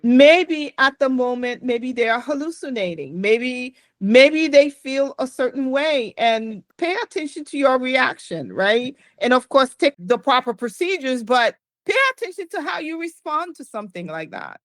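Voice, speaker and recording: A woman's voice: sits high, lively intonation, unhurried, few pauses, dry recording. A woman hosting a podcast, talking in an earnest, reflective way. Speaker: podcast host. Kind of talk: casual podcast conversation.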